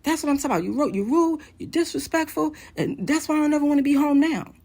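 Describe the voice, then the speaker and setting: A woman acting out her angry husband yelling and scolding over the phone. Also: high voice, fast talker, pitched above the performer's own voice.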